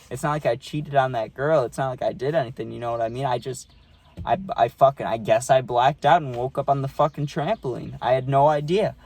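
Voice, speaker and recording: Young guy rambling thru a party story, swears a lot, lots of likes and rights, mid pitch. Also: a little mellow, no echo. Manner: rambling, profane, filler-heavy storytelling. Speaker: vlogger. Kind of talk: casual storytime monologue.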